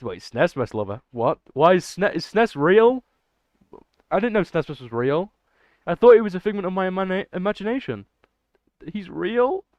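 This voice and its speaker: A young man chatting excitably and rambling to his livestream chat. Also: high-pitched, moderate pace, dry recording. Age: young adult. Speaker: streamer. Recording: dull lo-fi dry mic.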